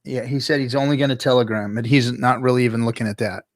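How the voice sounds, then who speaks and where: A man in loose, laughing banter, tripping over his words and starting over. He sounds close to the mic in a dry, dead room. His pitch sits in a middle range. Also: steady tone, fast talker, dry recording. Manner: laughing, joking, restarts often. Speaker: podcast co-host. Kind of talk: casual chat.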